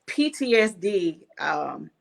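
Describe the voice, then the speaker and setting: A woman guest in a casual panel talk, speaking in a halting, hesitant way. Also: lowish voice, big pitch swings, gravelly. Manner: halting, hesitant, many fillers.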